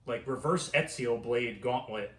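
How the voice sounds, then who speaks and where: A man's voice: medium pitch, unhurried, reverberant, distant mic. A man co-hosting a casual podcast, chiming in with brief, dry remarks.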